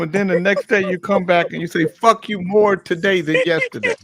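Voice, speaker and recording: A man's voice: sits high, sing-song, normal speed, fairly bright tone. A middle-aged man hosting a morning talk show, teasing his co-host and telling crude jokes in casual, profane banter.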